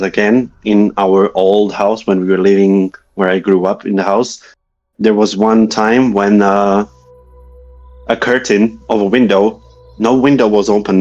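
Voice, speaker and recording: A man's voice: fairly low pitch, a little mellow, lo-fi sound. A man telling a guest's ghost story in a casual, hesitant way, often searching for words. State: a little shaky from reliving memories.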